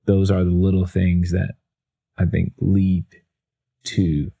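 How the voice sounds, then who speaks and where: A man's voice: low voice, monotone, takes it slowly, gravelly, warm tone, husky. A man, a motivational speaker, telling stories in a casual, self-deprecating way with lots of fillers and restarts. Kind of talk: casual storytelling.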